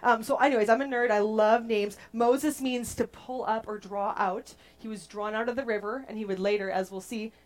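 A young adult woman preaching a casual, playful sermon to a group, chatty and animated as she tells stories. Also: a little high, normal speed, hardly any pauses.

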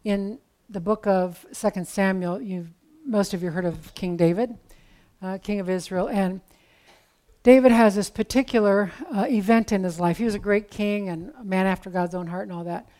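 A woman's voice: medium pitch, steady tone, normal speed, mellow. A woman preaching a sermon in a conversational, storytelling way with casual asides.

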